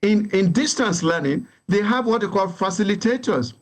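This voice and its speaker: A man with a high voice argues firmly as a guest expert in a TV news interview. He presses his point with emphasis, stacking and repeating phrases as he goes. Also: lively intonation, moderate pace.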